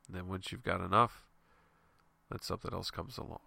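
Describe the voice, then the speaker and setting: Brisk and forceful, a comic artist hosting a show talks through a head cold that leaves his low voice stuffy and nasal. His intonation stays fairly even, the sound creaky and bright with no echo. In a casual motivational monologue, he rambles frankly to fellow artists, laughing and swearing mildly.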